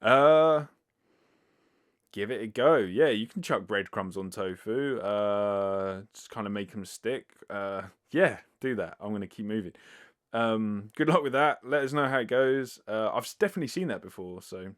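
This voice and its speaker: Male solo podcaster, slightly low register, loose and sweary, talking close to the mic. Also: moderate pace, smooth. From United Kingdom. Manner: rambling, filler-heavy, swears casually. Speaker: podcast host. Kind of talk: casual solo podcast answering listener questions. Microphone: close sensitive microphone.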